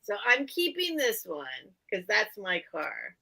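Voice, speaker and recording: Bright, chatty woman hosting a sale. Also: mid-range voice, measured pace, vocal fry, low-quality recording. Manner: chatty, excitable, self-mocking. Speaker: live sale host. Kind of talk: casual live-sale chat.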